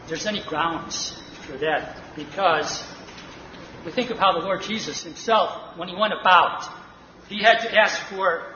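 Bright-voiced man reasoning slowly at a bible study, echoey hall, a bit muffled. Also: high voice. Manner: slow, deliberate, reasoning aloud. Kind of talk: reflective Bible discussion. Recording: reverberant hall, muffled, faint noise.

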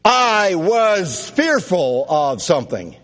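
A middle-aged man from Canada preaching a sermon, loud and animated, mixing stories with scripture. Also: high-pitched, takes it slowly. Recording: long reverb of a hall.

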